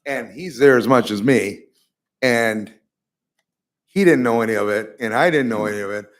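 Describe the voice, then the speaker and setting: A man in a council chamber telling a story to the council. He is chatty and animated, acting out quotes and laughing at himself, and his voice sits in the middle of the pitch range. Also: moderate pace. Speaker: resident speaking at public comment. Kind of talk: anecdotal public comment.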